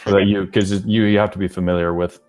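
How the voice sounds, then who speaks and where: A man playing in a tabletop game, talking casually and haltingly with many restarts. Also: low voice, little pitch movement, darkish tone. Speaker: player.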